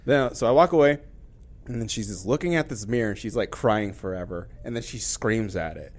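A man co-hosting a casual podcast chat, telling a long story in an animated way and acting out the voices of the people in it. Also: lowish voice, fairly quick. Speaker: podcast co-host.

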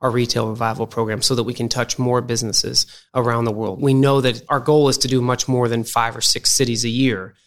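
A man's voice: medium pitch, brisk, few pauses. A man, a company executive, talking through an interview and telling stories with energy. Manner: animated storyteller, acts out quoted people. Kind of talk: conversational interview.

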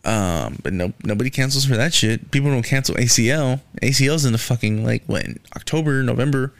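A man's voice: mid-range voice, animated, brisk, gravelly, no room sound. A young man hosting a casual solo podcast, ranting with lots of swearing and filler words. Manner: profane, ranting, frequent "man" and "um". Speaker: podcast host. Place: Houston.

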